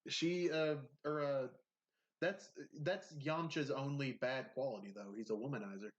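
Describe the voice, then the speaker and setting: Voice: medium pitch, moderate pace. A podcast co-host talking in blunt, crude, casual chat. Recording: dull lo-fi sound.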